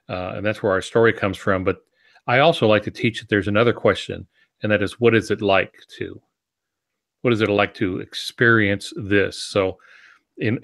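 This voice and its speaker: Low-voiced man telling reflective stories. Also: fairly bright tone, no room sound, studio quality. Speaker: novelist and podcast co-host. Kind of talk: casual podcast chat about writing.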